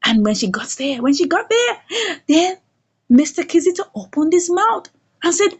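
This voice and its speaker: A woman casually recapping a comedy series episode, storytelling in an animated way. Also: very high voice, normal speed. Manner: animated storytelling, acts out dialogue. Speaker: series reviewer.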